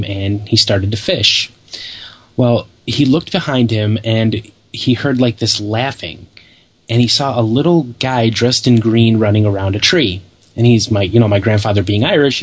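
Man radio co-host, lowish voice, relaxed rambling storyteller. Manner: laid-back, swears casually, rambling with many fillers. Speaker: co-host of a paranormal radio show. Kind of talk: casual chat and storytelling.

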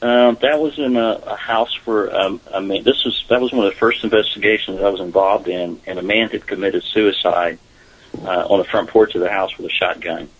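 Husky low-voiced man, lo-fi line. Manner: relaxed, halting storytelling with fillers. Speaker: paranormal investigator guest. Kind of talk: casual interview talk.

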